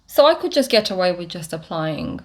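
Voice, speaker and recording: A woman giving a casual makeup tutorial to camera, talking through each step with frequent pauses, fillers and restarts. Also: fairly low pitch, wildly swooping pitch, a little mellow. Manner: unhurried, many fillers and restarts while demonstrating. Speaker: beauty vlogger.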